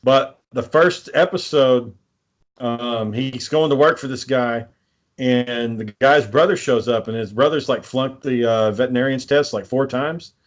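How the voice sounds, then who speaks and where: With a mid-range voice and measured pace, this podcast co-host rambles through stories in casual chat, swearing throughout.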